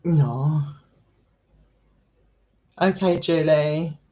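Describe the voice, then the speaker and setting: A man's voice: a little high, very slow, darkish tone, highs cut off. A man chatting casually with his live stream viewers, affectionate and talkative, calling people darling and sweetheart. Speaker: live streamer and paranormal explorer.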